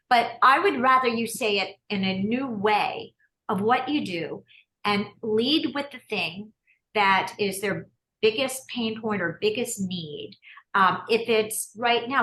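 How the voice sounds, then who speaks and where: A woman leads a business coaching session over a video call, talking in a quick, chatty way that keeps breaking off and restarting. Her voice is bright and forceful, and it carries an echo from the room she is in. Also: mid-range voice. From United States. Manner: quick, chatty, self-interrupting, encouraging.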